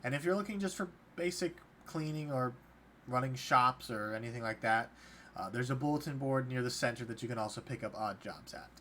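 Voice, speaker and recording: A man's voice: mid-range voice, animated, a little fast, sharp tone, a little hiss or hum. A man voicing a polite, hesitant male prisoner who acts as an official, stumbling over his words in a tabletop game.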